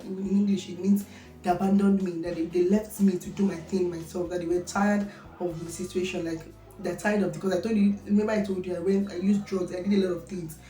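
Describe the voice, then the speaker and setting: A woman's voice: on the low side, dark tone. A young Nigerian woman vlogging her personal story, earnest, checking with viewers that they understand. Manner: earnest, keeps asking "you understand?". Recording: echoey room.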